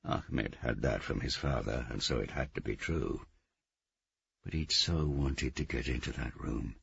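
A man narrating a novel in steady, measured scripted narration. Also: a bass voice, gravelly, breathy edge, dull audio. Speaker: audiobook narrator.

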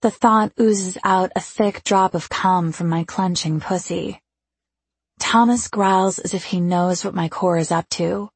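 A woman reads a first-person romance aloud with slow, intimate delivery. Her voice sits low and husky, with a gravelly edge at the ends of lines. The sound is close and dry. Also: no room sound. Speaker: audiobook narrator.

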